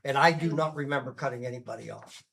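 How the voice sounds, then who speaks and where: A man chairs a council meeting, calling speakers up in a courteous, brisk way. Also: medium pitch, vocal fry, a bit bright, a little hiss or hum, low-quality recording.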